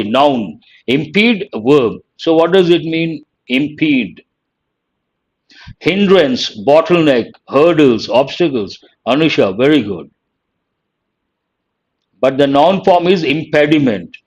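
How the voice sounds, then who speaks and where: A man's voice: a little high, husky. A man teaching a live online vocabulary lesson, reading out words one at a time and praising students by name.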